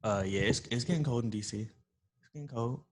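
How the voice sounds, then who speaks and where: A man's voice: medium pitch, a little fast. A man co-hosting a podcast in casual chat, teasing the others and laughing easily. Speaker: podcast co-host.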